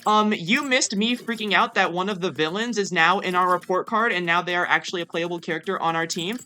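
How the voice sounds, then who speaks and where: A young woman streamer chatting casually over a game, excitable and gushing, often stumbling over her words. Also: fairly low pitch. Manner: excitable, gushing, with fast repeated restarts. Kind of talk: casual let's-play commentary.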